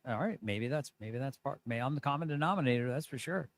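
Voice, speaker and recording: A man's voice: mid-range voice, expressive, fast talker. A man hosting a live stream with callers, talking in a rambling, hesitant way and feeling sorry for himself. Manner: rambling, self-pitying, hesitant fillers. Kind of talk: casual live-stream chat.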